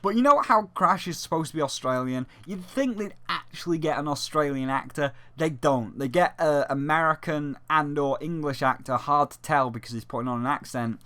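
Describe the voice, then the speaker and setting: A man's voice: a little high, normal speed, hardly any pauses, bright, forceful tone. A man hosting his own game review video, talking in a rambling, ranty way with lots of swearing and restarts. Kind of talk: casual ranting video review.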